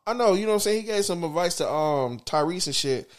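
Animated profane man, lively pitch. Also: fast. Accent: Southern US. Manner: profane, animated, acts out imagined quotes. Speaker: podcast co-host. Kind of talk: casual chat.

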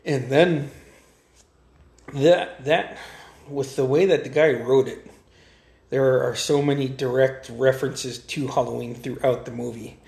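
A man with a gravelly, fry-tinged voice retells movie scenes in casual, profane chat. He gets animated and acts out the lines. The sound is roomy and echoey. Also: mid-range voice, unhurried, pauses often.

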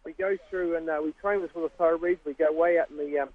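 A man's voice: fairly high pitch, fairly even intonation, fast talker, no room sound. A man with a New Zealand accent, a trainer calling in to a radio show, telling rambling stories with lots of ums. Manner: rambling storyteller, many ums. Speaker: guest trainer. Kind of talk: phone-in radio interview. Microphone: phone. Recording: tinny phone line.

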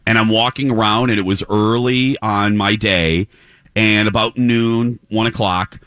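In studio-quality sound with no echo, a lowish-voiced man speaks at a measured pace while hosting a morning radio show live from a clinic. He tells a long story casually and brings it to life by acting out the voices of the people involved.

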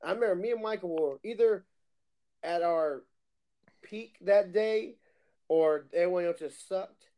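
A young man with a fairly high, mellow voice tells animated gaming stories in a casual podcast chat. He acts out the other players in quick voices. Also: low-quality recording. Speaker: podcast co-host.

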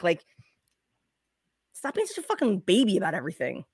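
A woman's voice: lowish voice, huge pitch swings, brisk, long pauses, husky, no echo, studio quality. A young woman who is a guest on a casual podcast. She talks bluntly, gives strong opinions and swears.

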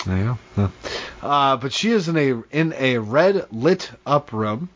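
A man's voice: medium pitch, lively intonation, a little slow. A man co-hosting a podcast in casual chat, laid-back, swearing casually and laughing often. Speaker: podcast co-host. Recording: dull lo-fi podcast audio.

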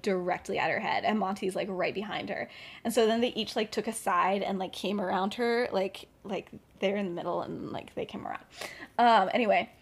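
A woman hosting a podcast, retelling a story casually and at length. She fills her talk with fillers and chatty asides. Her voice sits in the middle of the range. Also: mid-range voice. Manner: chatty, with many filler words. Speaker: podcast host.

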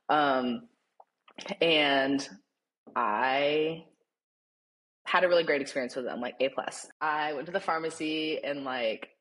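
A young man, a podcast guest, telling a story in casual chat, animated and laughing often, with lots of "like". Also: mid-range voice. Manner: animated, laughing, heavy use of "like".

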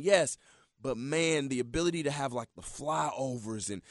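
A man in his thirties hosting a motivational radio talk show, telling stories in an animated, preachy way and calling his listeners y'all. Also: fairly high pitch, no room sound, studio quality. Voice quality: animated storyteller, swings loud when excited.

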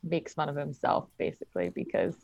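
A woman's voice: low-pitched, sing-song, brisk, creaky, darkish tone, dull audio. A woman co-hosting a casual podcast, teasing her co-host in a wry way.

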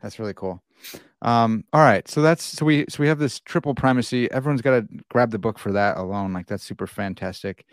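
A man's voice: on the low side, fairly quick, no room sound, clean studio sound. An American man hosting a podcast, chatting casually and poking fun at himself, with lots of fillers. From United States. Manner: chatty, self-deprecating, many fillers. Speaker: podcast host.

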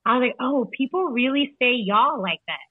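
A woman's voice: sits high, expressive, normal speed, husky, no echo. A young woman from Illinois, a podcast guest and author, chatting casually and saying "like" a lot. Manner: chatty, laughs often, says "like" a lot. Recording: tinny phone-like line, dry.

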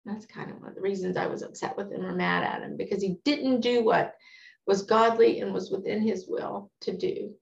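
A woman's voice: mid-range voice, steady tone, moderate pace, creaky. A woman giving an earnest, candid devotional teaching on a psalm, talking in a conversational way and quoting scripture. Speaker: Bible teacher. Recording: echoey room, dull lo-fi sound.

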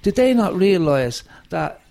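A musician with a Dublin accent speaks in a gravelly, creaky voice. He tells stories in a casual, profane and animated way, often leaning on "you know" and "right?". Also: sits high, unhurried. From Ireland, Dublin. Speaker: musician guest. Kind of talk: casual conversation, storytelling.

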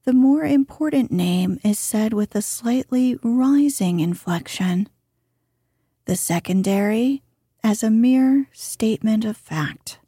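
Female reader for bedtime readings: slow, mellow tone, soft and gentle delivery. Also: a little high, slightly rough, dry recording, clean studio sound. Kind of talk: calm bedtime reading of an old book.

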